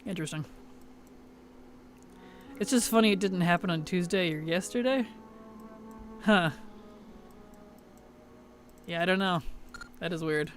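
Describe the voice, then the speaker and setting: A man's voice: sits high, unhurried, long pauses, a bit bright, slight background noise. A man streaming a video game, chatting casually in an offhand, mumbly way and letting his sentences trail off. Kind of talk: casual gaming chat.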